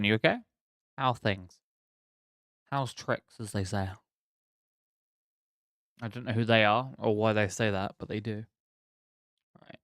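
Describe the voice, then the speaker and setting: A man's voice: lowish voice, a little slow, long pauses, dry recording, studio quality. A man streaming a game, chatting casually and rambling to himself while sucking on a sweet. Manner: relaxed, rambling, self-chatting. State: talking with a sweet in his mouth. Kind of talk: casual live-stream chat.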